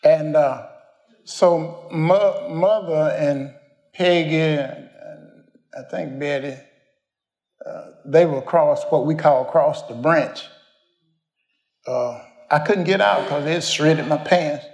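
Older man, folksy storytelling sermon, rambling, echoey room, slightly high voice. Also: takes it slowly, a little mellow. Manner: rambling, homespun, chuckling, addresses the congregation. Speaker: preacher.

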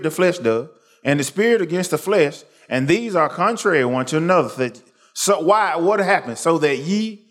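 A man preaching a sermon in call-and-response style, pushing the congregation to answer him. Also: on the high side. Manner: animated, calls for congregation responses.

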